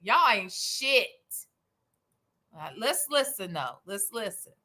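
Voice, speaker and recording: A woman's voice: medium pitch, big pitch swings, slow, sharp tone. A woman hosting a live stream, giving casual commentary in a sassy, profane and dramatic way.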